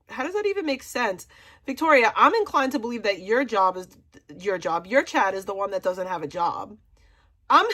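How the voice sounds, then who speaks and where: Woman streamer, slightly high voice, mocking, sassy slang, laughs it off. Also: a bit bright. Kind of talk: casual livestream commentary.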